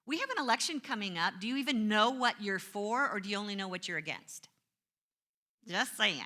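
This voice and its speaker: Middle-aged woman minister, bright clear tone, chatty sermon, pokes fun at herself. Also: medium pitch, expressive, brisk. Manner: conversational, self-mocking storytelling with acted-out complaints.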